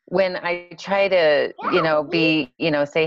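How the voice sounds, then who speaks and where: A woman's voice: on the low side, moderate pace. A woman calling in to ask a question, hesitant and close to tears, full of fillers. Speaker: caller. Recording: dull dry call audio.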